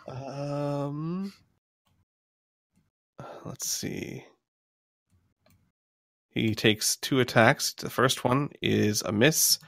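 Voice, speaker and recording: Male game master, unhurried and rambling, dry close mic. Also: medium pitch, vocal fry, no echo. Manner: rambling, laughs between lines, counts out loud. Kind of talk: narrating a tabletop game.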